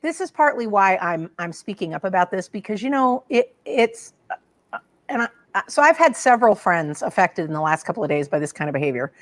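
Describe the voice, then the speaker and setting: A woman's voice: mid-range voice, sing-song, fairly quick. A woman co-hosting a casual chat show, frank and fired up as she vents. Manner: frank, fired-up ranting, drawling. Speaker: co-host.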